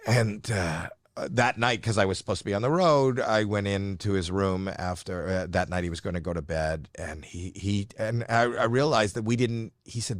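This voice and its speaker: A man's voice: lowish voice, normal speed, hardly any pauses, no room sound, clean studio sound. A middle-aged comedian telling a story as a podcast guest, rambling and playful, often breaking off his own sentences. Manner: rambling, self-interrupting, playful. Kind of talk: casual storytelling.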